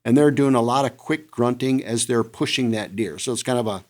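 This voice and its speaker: Man telling an animated hunting story. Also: medium pitch, a little fast. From Midwest United States. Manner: animated, imitates deer calls. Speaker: podcast co-host, hunter. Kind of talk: storytelling in casual chat.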